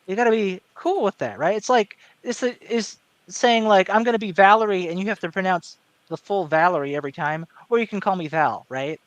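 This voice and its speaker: A man talks in a casual panel chat in an articulate, measured way, with no regional accent. His voice sits high for a man. The sound is dry and close-miked. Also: no room sound, dull audio. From American South. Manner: articulate, measured, with many fillers and restarts. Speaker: panel guest.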